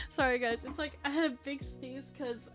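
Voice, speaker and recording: A woman VTuber streamer chatting casually at home. She rambles, with lots of fillers and restarts. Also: high voice. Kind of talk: casual chat while streaming. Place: home room with her cat. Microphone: desk streaming mic.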